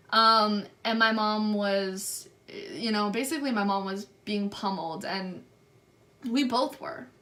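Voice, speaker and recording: A young woman vlogger telling a story to camera, acting out the people in it with animated delivery. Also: medium pitch. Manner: animated retelling, acts out quotes. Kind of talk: storytime vlog.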